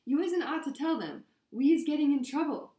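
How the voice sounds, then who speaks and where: A woman's voice: very animated, a little fast, darkish tone. A woman voicing a frantic, devoted female house-elf servant who shrieks and sobs in broken grammar. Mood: sobbing. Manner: shrill, sobbing, broken grammar. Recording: roomy echo.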